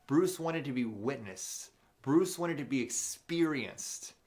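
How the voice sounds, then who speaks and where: A man hosts an unscripted live motivational show. He tells a personal story in a loose, animated way, full of fillers and restarts. His voice sits at a middle pitch. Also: slow pace. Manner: reads viewer questions aloud.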